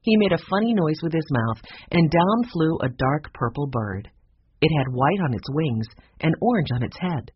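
A reader giving a lively, expressive storybook narration. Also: medium pitch, normal speed, slight background noise. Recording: dull dry lo-fi recording.

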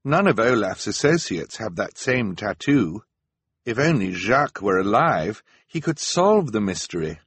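A man voicing an exasperated teenage girl in an audiobook, speaking high and strained. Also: big pitch swings, a little slow, fairly bright tone, breathy edge, no room sound, exaggerated voice. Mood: gloomy. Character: exasperated teenage girl, sharp-tongued inventor. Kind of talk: audiobook narration.

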